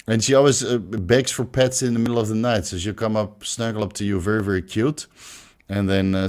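A man with a Dutch accent chatting loosely on a livestream, swearing freely and reading out viewer comments. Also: sits low. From Netherlands. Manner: loose and profane, many fillers and restarts. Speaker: livestream host.

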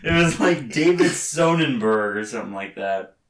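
A man's voice: expressive, moderate pace, fairly bright tone. A man hosting a casual podcast, joking and laughing, often restarting his lines. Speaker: podcast host. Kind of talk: casual chat. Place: bedroom. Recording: roomy, distant low-quality recording.

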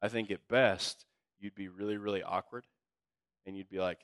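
A man preaching a sermon as pastor, telling stories in a casual, slangy way and swinging from hushed to loud. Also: fairly low pitch, fairly even intonation, moderate pace, clear, resonant tone, dry recording.

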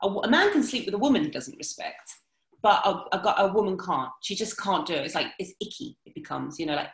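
A woman talking frankly about dating, swearing freely and acting out quoted lines in lively voices. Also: medium pitch, quick pace, reverberant, poor audio. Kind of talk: casual podcast chat.

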